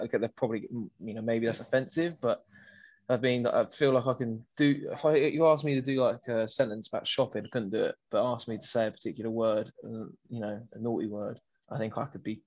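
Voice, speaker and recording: Male podcast host, mid-pitched, dry close sound, rambling and chatty. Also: dry recording, lo-fi sound. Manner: rambling, with frequent restarts. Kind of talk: casual football podcast chat.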